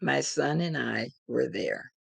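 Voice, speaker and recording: An older woman telling a personal story in an interview, in a measured, reflective way. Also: extremely low pitch, gravelly, slightly rough, no room sound. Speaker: interviewed elder.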